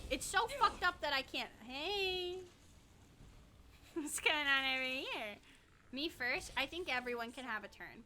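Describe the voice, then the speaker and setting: A woman's voice: high voice, pushed and bright, a little hiss or hum. A young woman streaming a game, chatting casually with viewers, swearing and laughing often. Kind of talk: casual gaming stream chat.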